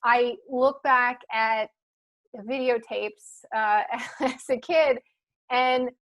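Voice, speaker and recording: Woman w a light philly accent, slightly high voice, rambly casual guest chat. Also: steady tone, slow pace, fairly bright tone. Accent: light Philadelphia. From Philadelphia suburbs, USA. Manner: chatty, thinking aloud with many fillers. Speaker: guest, marketing leader. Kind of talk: casual podcast conversation.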